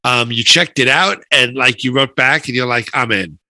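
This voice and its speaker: A man with a New York accent hosting a podcast interview, chatty and animated, with dry humor. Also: medium pitch, moderate pace, dry recording. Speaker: podcast host.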